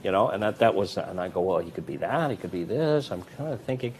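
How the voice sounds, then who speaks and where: Low-voiced man telling animated stories. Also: fast talker, husky. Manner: animated, acts out quoted voices with big swings in pitch and loudness. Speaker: magician and comedy performer, interview guest. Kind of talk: anecdotal storytelling in an interview.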